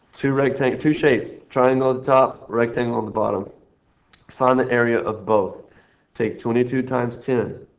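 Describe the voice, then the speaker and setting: A man teaching a recorded math lesson, walking through problems in a jokey, self-mocking, rambling way. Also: mid-range voice. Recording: dull lo-fi screen recording.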